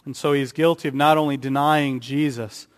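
Delivering a sermon at normal speed with fairly even intonation, this man still raises his pitch and volume for emphasis. He performs the quotations he reads aloud, and a long reverb from the hall trails his words.

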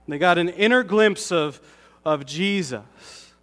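A pastor from Connecticut giving a conversational sermon, with self-deprecating humor. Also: male voice, high-pitched, slow, fairly bright tone, in a large hall.

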